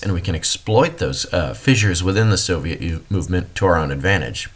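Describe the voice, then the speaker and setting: A man's voice: low-pitched, fairly bright tone. A man giving a recorded history lecture, explaining to students and addressing them directly.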